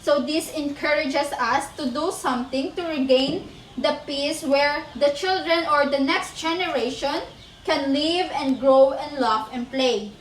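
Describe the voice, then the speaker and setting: A woman teacher walks a class through a poem, counting stanzas and syllables aloud in a slow, patient way. Her voice sits high, and she sounds set back from the mic in an echoey room with faint noise behind. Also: distant mic. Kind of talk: teaching demonstration lesson.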